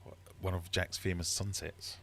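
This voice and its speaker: A man with a very low, deep voice chats casually on a livestream. He tells his stories animatedly and keeps breaking into exasperated outbursts. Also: flat delivery, moderate pace, creaky, bright, forceful tone, slight background noise. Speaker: livestream host. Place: home fish room.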